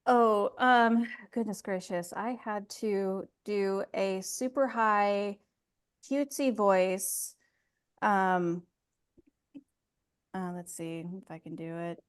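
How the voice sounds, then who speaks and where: Young woman, voice actor guest, relaxed, candid, quick to laugh, mid-pitched, casual interview. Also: clear, resonant tone.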